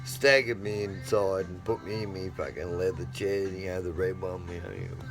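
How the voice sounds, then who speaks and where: A middle-aged man with a low voice rambles through a family anecdote, swearing freely as he goes. He jumps between sudden loud bursts and quiet asides. Music plays clearly in the background. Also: steady tone, normal speed. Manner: rambling, profane, swings between loud outbursts and mutters. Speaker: vlogger. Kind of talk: casual storytelling.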